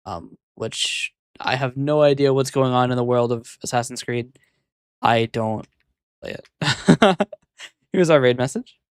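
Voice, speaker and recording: Vtuber streamer rambling on stream, mid pitch, hesitant, kinda mutters to self, dead dry sound. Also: no room sound. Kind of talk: casual live-stream chatter.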